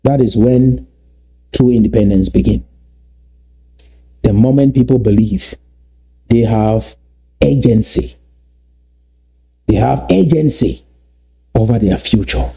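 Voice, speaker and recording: A man from Southern Cameroons, giving an emphatic motivational address that repeats and slowly stresses key phrases. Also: medium pitch, vocal fry, warm tone, slightly rough. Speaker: activist speaker.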